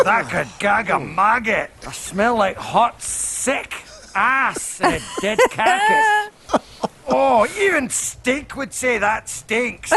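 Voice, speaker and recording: An actor playing a crude, gross Scottish villain who savors his own stench, in a gravelly, relishing voice, in a film clip with music behind. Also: very high voice, sharp tone, exaggerated voice.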